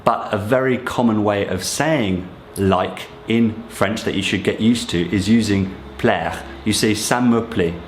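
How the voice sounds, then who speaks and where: Man, low-pitched voice, casual language teacher, encouraging, talks to viewers, echoey room, faint background hum. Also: a little slow. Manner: friendly, encouraging, addresses viewers directly. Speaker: French teacher.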